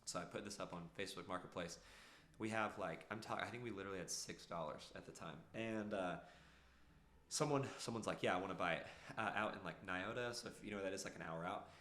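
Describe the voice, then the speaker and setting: Low-voiced man telling his story. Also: fairly quick, fairly bright tone, reverberant, a little hiss or hum. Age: 30s. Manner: earnest, rambling with many fillers. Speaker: podcast guest. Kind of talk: casual storytelling.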